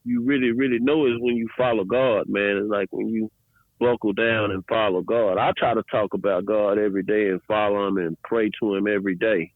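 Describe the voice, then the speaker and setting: A man's voice: on the low side, no room sound. Earnest man on a tinny line. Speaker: podcast co-host. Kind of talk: casual faith chat. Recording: dry, tinny phone-like sound.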